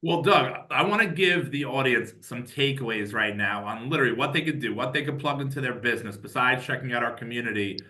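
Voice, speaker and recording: A man hosting a casual podcast interview, asking energetic, probing questions. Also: mid-range voice, fairly quick, few pauses. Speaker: podcast host.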